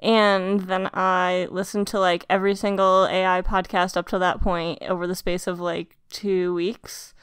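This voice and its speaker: Giggly, rambling woman, smooth dry voice. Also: lowish voice, little pitch movement, measured pace, hardly any pauses, fairly bright tone, no room sound. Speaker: podcast player introducing herself. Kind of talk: casual chat.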